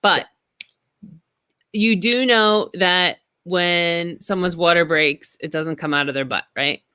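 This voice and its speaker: A woman's voice: fairly low pitch, slow, pushed and bright, clean tone, no echo. A woman in a casual writers' room chat, asking dry, pointed questions. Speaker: sketch writer.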